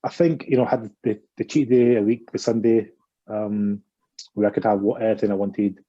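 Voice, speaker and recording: A man's voice: lowish voice, fairly even intonation, normal speed, muffled recording. A man answering interview questions plainly and a little hesitantly. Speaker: cricketer, guest.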